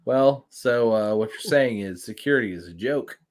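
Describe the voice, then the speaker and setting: A man's voice: mid-range voice, lively intonation, normal speed. A man co-hosting a casual podcast, brash and joking, throwing out exaggerated threats. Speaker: podcast co-host. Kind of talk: casual chat.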